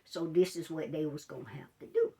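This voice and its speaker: A woman's voice: low voice, fairly quick. Chatty woman telling a story to viewers. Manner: chatty, talks straight to viewers; expressive, retelling with drama. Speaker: life coach. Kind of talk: storytime vlog.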